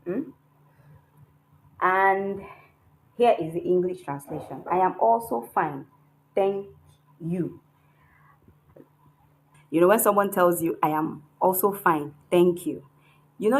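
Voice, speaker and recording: Slow, patient woman teaching a language. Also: lowish voice, poor audio. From Nigeria. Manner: patient, checks in with frequent "hmm?". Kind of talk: online lesson, explaining while writing characters.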